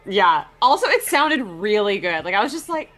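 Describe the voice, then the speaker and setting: A woman's voice: medium pitch, sing-song, moderate pace, over music. A woman who plays in a tabletop game, chatting after the session and praising another player. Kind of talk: casual post-session chat.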